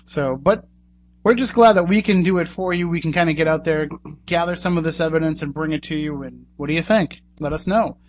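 A man's voice: a little high, brisk. A man hosting a radio talk show, rambling casually as he thanks his guests and wraps up. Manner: chatty and rambling, thanking guests and plugging contacts. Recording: muffled radio recording with faint hum.

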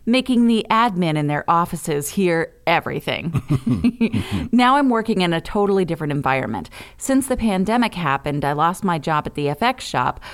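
A woman co-hosting a podcast, reading listener mail aloud in a chatty way and laughing between lines. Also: on the low side. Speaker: podcast co-host.

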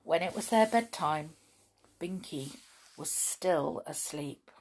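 A woman reading a children's story aloud, gentle and expressive, with chatty asides. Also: sits low, slow pace, slightly rough.

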